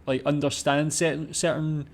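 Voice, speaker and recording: A man with a slightly higher voice reacts casually to a video, thinking aloud as he goes. He hums and wonders out loud between his thoughts. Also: level tone, moderate pace, creaky.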